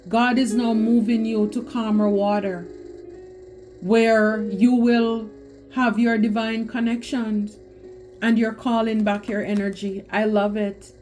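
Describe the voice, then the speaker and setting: A woman's voice: a little high, little pitch movement, slow, darkish tone, faint music behind. A woman giving a spiritual tarot reading, talking emphatically and repeating phrases for stress. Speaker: tarot reader.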